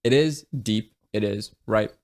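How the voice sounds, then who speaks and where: A man's voice: on the low side, measured pace. A man giving a casual, blunt book review, swearing freely and often restarting his sentences. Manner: blunt and profane, with frequent restarts.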